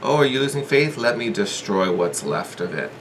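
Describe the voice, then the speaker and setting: A man's voice: on the low side, big pitch swings, moderate pace, noisy background. A man voicing a sly, goading devil who tempts the listener with needling questions and urging. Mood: taunting.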